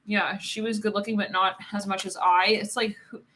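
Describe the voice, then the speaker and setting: A woman's voice: medium pitch, level tone, moderate pace, fairly bright tone, slight background noise. A woman giving a casual live tarot reading, rambling with many fillers, swearing and laughing often. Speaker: tarot card reader.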